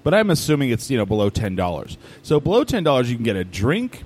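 A man's voice: medium pitch, fast, slight background noise. A man co-hosting a casual chat, telling stories and acting out what people said, recorded in a distillery. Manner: animated storyteller, acts out quotes. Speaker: podcast co-host.

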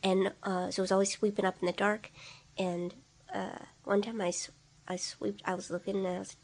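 A woman's voice: mid-range voice, steady tone, brisk, vocal fry, husky. A woman in casual conversation, telling stories in a laid-back way and reacting with easy laughter. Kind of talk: casual chat.

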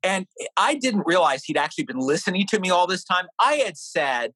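Speaking fairly quickly, a middle-aged New Hampshire author being interviewed as a guest explains ideas and shares a family anecdote conversationally. He comes across as an animated storyteller with a lively pitch, and the audio is dry and poor.

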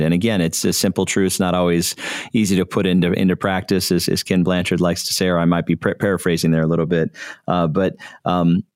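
A man's voice: sits low, no room sound, studio quality. A man hosting an interview, asking thoughtful questions with many restarts and repeated words. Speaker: interview host. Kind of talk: conversational interview.

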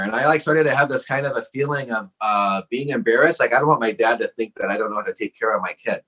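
A man's voice: medium pitch, quick pace, hardly any pauses, bright, forceful tone, breathy edge, poor audio. A man as a podcast guest, telling a personal story in a frank, earnest way with lots of casual "like" fillers.

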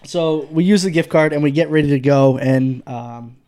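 A man's voice: a little high, moderate pace, mellow, smooth. A man co-hosting a podcast, telling a story casually with lots of laughs and rambling fillers. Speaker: podcast co-host.

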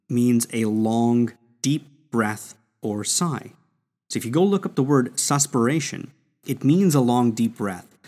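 A man's voice: medium pitch, darkish tone. A man teaching the words of a Latin prayer in a patient, explanatory way, repeating and sounding out each word. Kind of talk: slow explanatory lesson.

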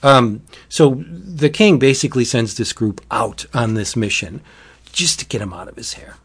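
A man's voice: medium pitch, moderate pace, creaky, fairly bright tone, slightly rough. A man casually recapping a book's plot, rambling, restarting often and laughing. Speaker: book reviewer. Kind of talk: casual chat.

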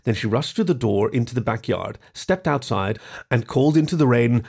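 Husky, gravelly male storyteller. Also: mid-range voice, normal speed. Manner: expressive reading. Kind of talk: scripted story narration.

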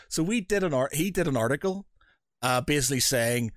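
A man co-hosting a casual podcast, telling lively stories and acting out what people said, with the odd swear word. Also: a little high, fast talker, dry recording, studio quality. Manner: animated storyteller, swears, acts out quotes. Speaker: podcast co-host.

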